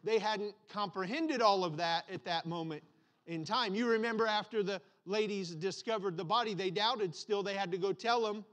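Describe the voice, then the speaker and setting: A man's voice: high-pitched, normal speed, fairly bright tone. A man preaching a sermon, stacking repeated phrases and restarting as he builds his point. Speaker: pastor.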